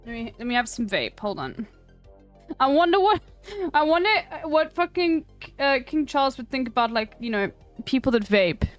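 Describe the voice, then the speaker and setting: A South African woman streamer reading an article aloud in casual chat, breaking off with wry, swearing asides and halting restarts. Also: high-pitched, sing-song, faint music behind.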